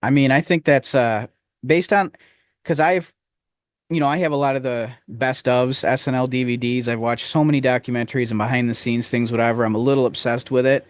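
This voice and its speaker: A man's voice: medium pitch, fairly even intonation, fairly quick, no room sound. A man co-hosting a podcast, talking in loose, rambling casual chat. He cracks jokes as he goes and sometimes drops into goofy impressions. His voice sounds dry and close to the mic. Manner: rambling, jokey, slips into silly impressions. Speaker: podcast co-host.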